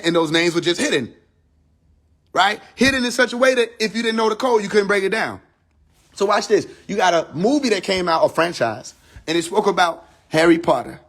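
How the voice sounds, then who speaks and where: A man teaching spiritual ideas on a live stream from his phone, casual and profane, firing rhetorical questions and dropping from emphatic high lines to low asides. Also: animated, a little fast, fairly bright tone. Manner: casual speech with slang and profanity.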